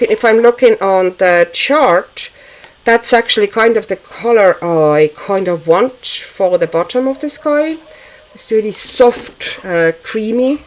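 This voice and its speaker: While painting on a relaxed livestream, this woman talks with her viewers and muses aloud, hesitating and using fillers. The recording is rough, and her pitch runs slightly high.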